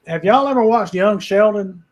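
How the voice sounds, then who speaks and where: Brief: male host, folksy rambling storyteller, slightly higher pitch. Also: lively intonation, moderate pace, highs cut off. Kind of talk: casual livestream chat.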